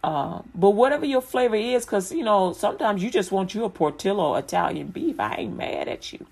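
A woman's voice: medium pitch, animated, fairly quick, creaky, darkish tone, husky. A woman from Chicago in casual chat about faith, rambling and colloquial, breaking into frequent laughter.

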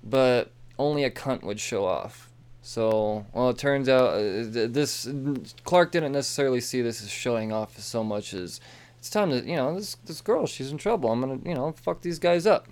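A man talks through a stack of comic books in a loose, excitable ramble, cursing freely and wandering into asides. His voice is smooth and clear, at an ordinary pitch for a man. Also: normal speed. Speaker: comic book reviewer. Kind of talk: casual profane comic review.

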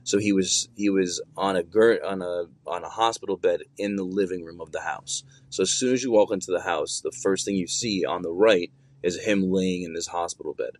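A man's voice: low voice, normal speed, dry recording. A young adult man casually telling a long personal story, rambling and swearing with many fillers and restarts.

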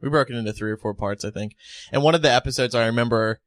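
A man's voice: mid-range voice, no room sound. A man hosting a casual podcast, chatting with co-hosts and often trailing off into fillers and restarts. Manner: rambling, halting with fillers. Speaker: podcast host.

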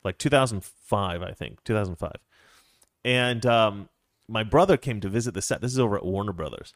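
A man's voice: on the low side, animated, fairly quick, dry recording, clean studio sound. A man co-hosting a casual chat, telling long rambling stories with frequent restarts and fillers. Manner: rambling storyteller with many restarts. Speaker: co-host.

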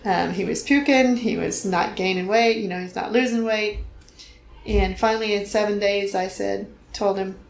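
A woman's voice: medium pitch, steady tone, moderate pace, vocal fry, roomy sound, slight background noise, low-quality recording. A middle-aged woman earnestly telling a personal faith story in conversation, acting out the voices she quotes. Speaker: guest telling her story.

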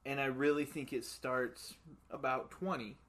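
A man's voice: mid-range voice, steady tone, measured pace, a bit bright. A man talking reflectively in a casual chat as a podcast co-host.

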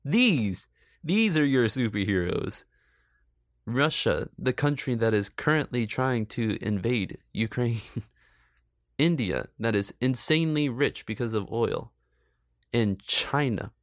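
A man's voice: mid-range voice, expressive, slow pace, no echo, studio quality. A man giving casual, sarcastic movie commentary, swearing freely and laughing often. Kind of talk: casual film review commentary.

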